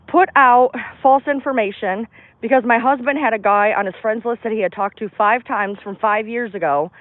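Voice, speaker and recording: A woman vents on a livestream, blunt and emphatic, with plenty of swearing. She is recorded on a phone outdoors in a park. The sound is thin and phone-like, and very dry with no room echo. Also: on the high side. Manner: blunt, profane, emphatic ranting. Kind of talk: venting on a livestream.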